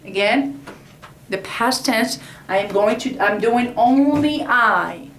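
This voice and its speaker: A woman teaching a language lesson, explaining slowly and repeating each word several times. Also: fairly high pitch, recorded from a distance, slight background noise. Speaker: Arabic teacher. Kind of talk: slow classroom explanation at a board. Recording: echoey room, voice from off-mic.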